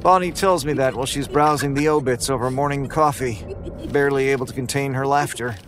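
A man's voice: medium pitch, steady tone, brisk, fairly bright tone. Male horror narrator, weary and grim first-person delivery, faint hiss behind.

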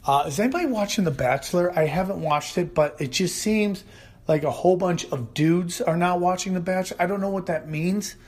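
A male podcast host telling a comedic solo rant, animated and loud, shouting in the voices he quotes. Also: fairly high pitch, a little hiss or hum. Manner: animated storytelling, loud put-on yelling in quotes.

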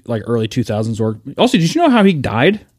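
A man's voice: medium pitch, very animated, quick pace, a little mellow, no room sound. A man co-hosting a podcast in casual chat, swearing a lot and acting out quotes in silly voices. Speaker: podcast co-host.

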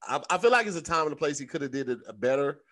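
Slangy, animated podcast co-host man. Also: a little high. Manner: animated, slangy, repeats words for comic effect. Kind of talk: casual chat and host-read ad.

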